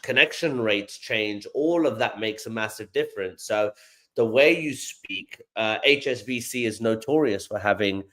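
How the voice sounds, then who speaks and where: A man's voice: fairly low pitch, a bit bright. A man from London, a guest on a podcast interview, explaining things at length with examples and often repeating words as he goes. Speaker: guest, AI company founder.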